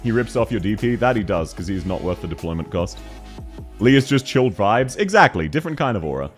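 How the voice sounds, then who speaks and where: Animated, joking Australian man. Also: on the low side, brisk, soft background music. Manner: joking, laughing often, crude banter. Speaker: game streamer. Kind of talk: casual livestream chat.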